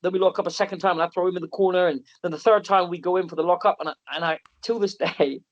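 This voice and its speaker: A man telling animated, self-mocking stories on a podcast, often restarting and laughing. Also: high voice, very fast. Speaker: wrestler and wrestling promotion owner. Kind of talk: podcast interview storytelling. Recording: slightly muffled podcast audio.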